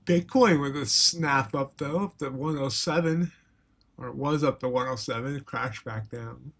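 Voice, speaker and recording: A man narrating his own live trades in a quiet, low-key way, trailing off into mumbled asides as he watches the charts. His pitch sits right in the middle for a man. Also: moderate pace. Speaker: trading streamer. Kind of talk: live trading commentary.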